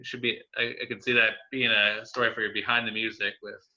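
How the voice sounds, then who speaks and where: A man's voice: lowish voice, little pitch movement, a little fast, bright, forceful tone. A man hosting a casual interview, laid-back and informal. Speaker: interview host. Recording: dull lo-fi sound.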